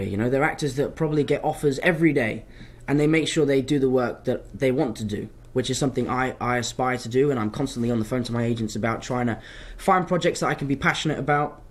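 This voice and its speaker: A young man, an actor answering fan questions in a casual live chat, telling stories in an animated, self-mocking way. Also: a little high.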